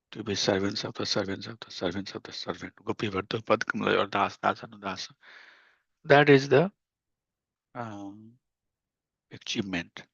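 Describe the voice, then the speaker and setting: An earnest man gives a scripture class in a steady teaching tone. He often repeats his key phrases. The sound is dry and muffled, like a lo-fi recording. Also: fairly low pitch, slightly rough, no echo.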